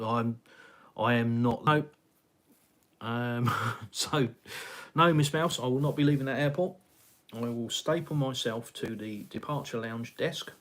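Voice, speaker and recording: A middle-aged man from England hosting a casual live chat, reading viewer comments in a rambling way, with many fillers and sighs. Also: medium pitch. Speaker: live stream host. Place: home, in Russia.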